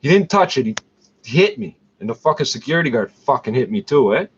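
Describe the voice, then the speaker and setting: A man's voice: mid-range voice, big pitch swings, brisk. A Canadian man in pain, ranting heatedly and profanely in an angry vlog monologue. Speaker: vlogger. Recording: dull lo-fi recording with faint noise.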